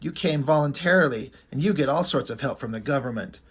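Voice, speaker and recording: A man's voice: medium pitch, fairly quick, husky, natural voice. A man voicing an angry, proud male street gang leader who talks heatedly and boastfully, in a comic read-along.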